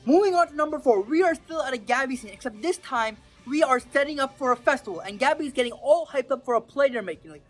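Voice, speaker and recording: A woman talking casually and excitably in a commentary vlog, with slang and swearing, acting out quotes. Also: high voice, quick pace, few pauses, soft background music. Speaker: anime video creator.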